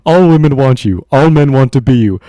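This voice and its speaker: A man doing a put-on British accent as a sarcastic British man, loud, mock-gushing and sweary. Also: medium pitch, animated, brisk, no echo, pitched above the performer's own voice, natural voice. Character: sarcastic British man ranting at noisy bikers.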